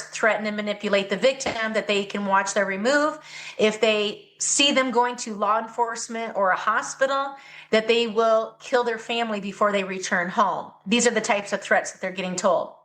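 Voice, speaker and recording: A woman's voice: mid-range voice, a bit bright. A woman guest on a podcast interview, speaking earnestly and with conviction about her advocacy work. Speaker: guest, anti-trafficking advocate.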